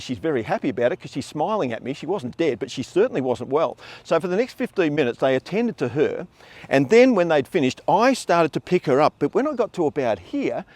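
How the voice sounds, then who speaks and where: A middle-aged man telling a funny personal anecdote in a casual, animated way. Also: fairly high pitch, no echo. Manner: animated, acts out voices in his tale. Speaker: storyteller.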